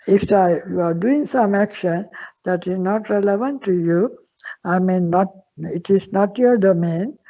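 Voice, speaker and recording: An older woman, a Buddhist nun, teaching at a slow, patient pace with repeated questions and frequent restarts. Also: mid-range voice, vocal fry, mellow. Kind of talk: Dharma Q&A teaching. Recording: dull lo-fi sound.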